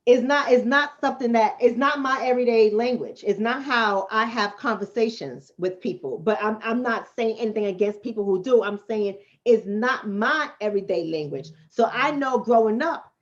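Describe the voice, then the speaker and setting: In a muffled recording, a woman from the Bronx, New York City, whose voice runs on the high side, hosts a casual livestream. A relationship coach, she responds to chat in a blunt, streetwise way and repeats points for emphasis.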